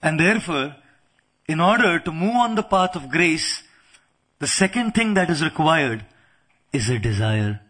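A male preacher delivering a sermon with a lively storytelling manner, often slipping into quoted voices and playful asides. His voice is husky and sits fairly high for a man. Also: unhurried, long pauses. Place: lecture venue in the UK.

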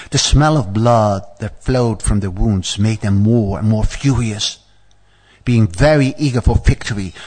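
A man reading a scripture story to a class in a voice of middling pitch, then slipping into casual asides full of stammered repeats and fillers. He teases his listeners playfully as he explains the passage. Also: darkish tone, slightly rough. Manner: playful, teasing the audience.

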